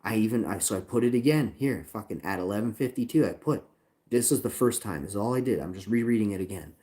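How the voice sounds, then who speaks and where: Angry ranting man, dark voice. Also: lowish voice, animated, fast talker. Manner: agitated, profane, repeats himself, reads chat lines aloud. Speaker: channel owner livestreaming a complaint. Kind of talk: angry livestream rant.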